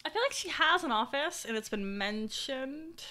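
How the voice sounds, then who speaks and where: Giggly female game master, lively pitch, bright voice, relaxed tabletop narration. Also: moderate pace.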